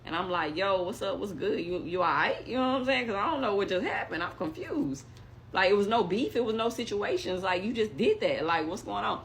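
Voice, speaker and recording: A young woman telling a story in casual chat, animated and acting out what others said. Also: medium pitch, brisk, a little hiss or hum. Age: young adult.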